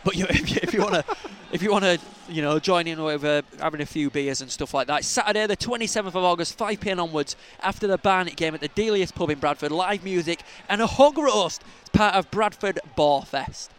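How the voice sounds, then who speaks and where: Excitable high-voiced man. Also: fairly quick, hardly any pauses, a little hiss or hum. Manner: excitable, joking, shouts at the game. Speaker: podcast co-host. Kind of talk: casual chat while watching a match.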